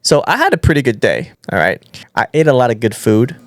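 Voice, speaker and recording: Animated, teasing man chatting with an AI. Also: mid-range voice, brisk, no room sound, clean studio sound. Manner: teasing, trolling, exclaiming. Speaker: streamer. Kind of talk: casual chat with an AI.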